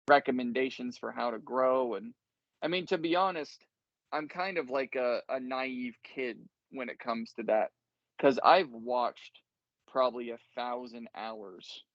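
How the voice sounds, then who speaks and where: A man talks casually as host, rambling through his thoughts and poking fun at himself. His voice sits at an ordinary pitch. The recording is dry and a little muffled, slightly lo-fi. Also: a bit bright, no room sound. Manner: rambling, self-deprecating, laughs easily. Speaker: podcast host. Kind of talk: casual chat.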